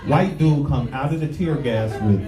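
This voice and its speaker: A man doing a stand-up comedy set, telling loud profane stories and bantering with the crowd. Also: mid-range voice, lively intonation, moderate pace. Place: comedy club. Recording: roomy club sound, distant mic, audience laughter. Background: audience laughing.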